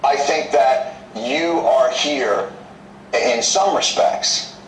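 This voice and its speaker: A male comedian arguing his case as a guest in a TV interview, animated and wry. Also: medium pitch, extremely slow, slight background noise. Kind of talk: combative TV interview. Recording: echoey, slightly distant mic.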